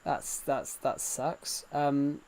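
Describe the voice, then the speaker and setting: A man's voice: medium pitch, very slow, a little mellow. A man live-streaming a game, chatting casually and reassuring viewers, often repeating himself. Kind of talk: casual live-stream chat while gaming.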